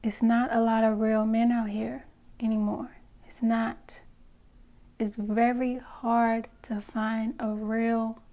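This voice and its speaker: A woman's voice: fairly high pitch, a little mellow. Frank, emphatic woman vlogger. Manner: frank, emphatic, addresses viewers with frequent "okay?" and "you know?". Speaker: vlogger giving relationship advice. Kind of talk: direct-to-camera opinion talk.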